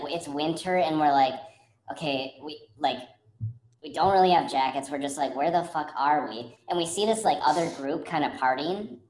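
Woman, casual storytelling, laughs often, acts out quotes, lowish voice, echoey room. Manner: animated, laughs often, acts out other people's lines. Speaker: podcast co-host telling a story.

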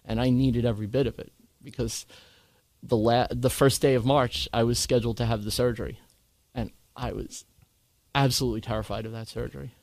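A man candidly recounting a hard experience in conversation, earnest and animated when he quotes others. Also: mid-range voice, a little fast, no echo. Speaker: guest sharing his cancer story.

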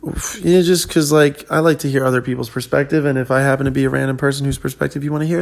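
A man with a very gravelly, creaky voice chats alone on his podcast, worn out and loose. He wanders from thought to thought, full of ums and self-corrections, at a mid pitch. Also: steady tone, fast. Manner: rambling, many ums and restarts. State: tired. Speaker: comedian podcast host. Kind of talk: casual solo chat.

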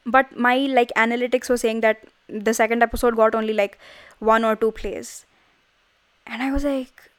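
A woman's voice: on the high side, moderate pace, no echo. A young woman hosting her own podcast, rambling casually with lots of fillers, close to the microphone. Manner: rambling, lots of "like", animated self-talk. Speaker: podcast host. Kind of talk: casual solo podcast chat. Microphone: close studio microphone.

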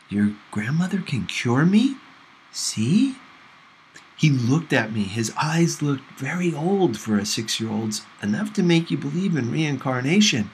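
A man reading a novel aloud for a class, with measured, gentle first-person narration. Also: mid-range voice, slight background noise, low-quality recording. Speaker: audiobook reader for a class.

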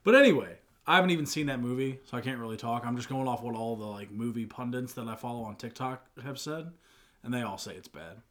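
A man co-hosting a casual podcast, arguing his picks in an animated way and sometimes breaking into loud protests. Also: medium pitch, fast talker. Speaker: podcast co-host. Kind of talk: casual chat.

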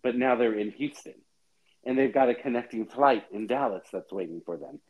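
A man co-hosting a podcast, telling stories in a chatty, dramatic, animated way. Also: medium pitch, moderate pace, highs cut off. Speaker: podcast co-host. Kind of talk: casual chat.

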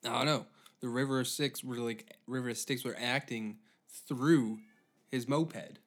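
A man's voice: medium pitch, a little slow. Rambling, profane male podcast host. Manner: rambling, profane, deadpan asides. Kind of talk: comedic monologue.

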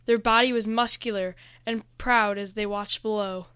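A woman reading a fantasy story aloud with steady, even narration. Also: mid-range voice, normal speed, clean tone, dry recording. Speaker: reader.

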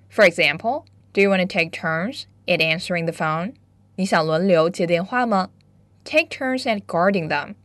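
A woman hosting a bilingual English lesson, upbeat, drilling words slowly and carefully. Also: fairly low pitch, a bit bright, no room sound. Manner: upbeat, switches between Chinese and English, slow careful pronunciation drills. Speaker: English teacher and host.

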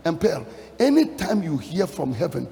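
A man's voice: on the high side, very animated, moderate pace, gravelly. Emphatic male preacher in a reverberant hall. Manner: emphatic, swinging between hushed lines and shouted peaks; chanting, sing-song cadence. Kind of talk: sermon.

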